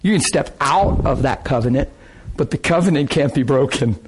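A man preaching a sermon, telling a testimony story with excitement, laughing often and repeating phrases. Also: medium pitch, moderate pace, a little hiss or hum.

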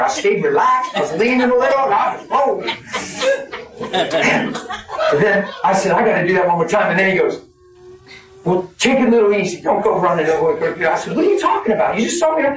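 Folksy high-voiced preacher in echoey hall. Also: male voice. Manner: folksy, animated, laughing often. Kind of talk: sermon with storytelling. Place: church hall. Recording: echoey hall from far off, crowd. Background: congregation.

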